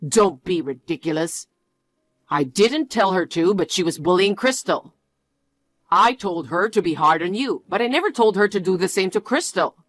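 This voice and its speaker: A smug, self-serving young man in a storybook tale, voiced by a woman. He talks in a low, dismissive way with a lively lilt now and then. The recording is dry and close. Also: moderate pace, dry recording.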